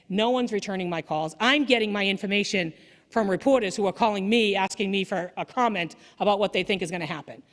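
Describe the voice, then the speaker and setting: A woman lawyer giving a candid, energetic story-driven speech at a dinner event. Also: medium pitch. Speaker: defense attorney. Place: banquet hall. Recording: echoey hall.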